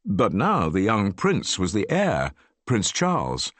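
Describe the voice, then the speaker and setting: A man reading an audiobook, narrating in an expressive, measured way. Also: on the low side, dry recording. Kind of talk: scripted narration.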